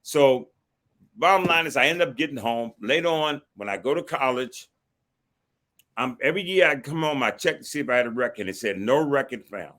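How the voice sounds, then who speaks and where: Older man telling a lively story. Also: mid-range voice, fairly quick. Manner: lively storyteller, acts out quoted dialogue. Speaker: guest, retired marshal. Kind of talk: storytelling interview.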